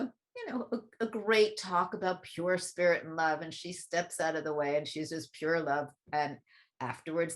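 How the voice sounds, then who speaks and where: A woman speaking in a relaxed conversational way, telling a reflective personal story and acting out other people's voices when she quotes them. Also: deep voice. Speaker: guest speaker on spiritual teaching.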